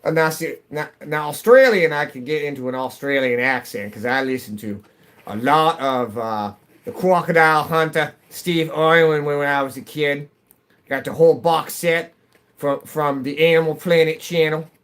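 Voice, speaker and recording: A man's voice: fairly high pitch, moderate pace, fairly bright tone, clear, resonant tone. Rambling middle-aged man streaming a game. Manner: rambling, self-interrupting, chatty. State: slightly stuffy nose. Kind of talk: casual chat while gaming. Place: at home.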